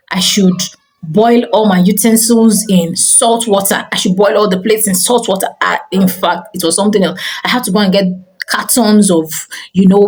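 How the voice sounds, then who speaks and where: A middle-aged teacher and school owner with a medium-pitched voice gives parenting advice through a personal story told to camera. She is an animated storyteller who keeps saying "you know," captured in a low-quality recording.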